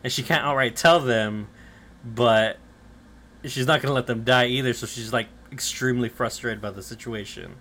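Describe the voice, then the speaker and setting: Medium-pitched and a bit bright, this podcast co-host talks at a moderate pace. He recaps anime episodes loosely and casually, with plenty of filler words, cursing, and performed character dialogue.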